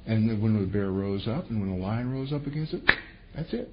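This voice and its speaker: A male preacher in mid-sermon, his voice leaping up and down as he retells a scripture story and puts on the characters' lines. The recording is dull and lo-fi, with a faint hiss behind him. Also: a little fast. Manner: animated storytelling, voices quotes with sudden pitch jumps.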